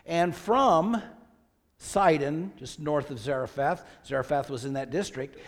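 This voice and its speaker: A male pastor delivers a sermon in a somewhat high voice, reading scripture with mounting emphasis and pausing to quiz his listeners. His words ring out with a long reverb, as in a large church sanctuary. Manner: asks the congregation questions, reads scripture with rising emphasis.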